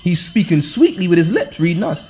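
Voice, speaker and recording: A man's voice: high-pitched, big pitch swings, fairly quick, mellow, faint music behind. A man preaching informally over scripture, hectoring and repeating himself with rhetorical questions and colloquial restarts. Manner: loose, colloquial delivery with frequent restarts. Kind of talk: informal scripture-reading sermon.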